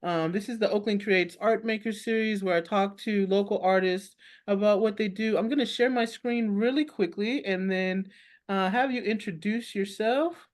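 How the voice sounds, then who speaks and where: A woman's voice: mid-range voice, moderate pace. A woman hosting a casual artist interview over a video call, upbeat and enthusiastic. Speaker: interview host.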